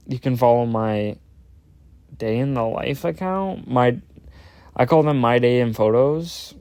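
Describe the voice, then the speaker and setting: A young man talks on his own podcast, rambling and cursing as he loses his train of thought. His voice sits mid-pitch for a man, neither high nor low. The recording is close and dry, with no room around it. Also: darkish tone, no room sound. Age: young adult. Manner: rambling, sweary, self-interrupting. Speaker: podcast host. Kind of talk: casual solo podcast chat.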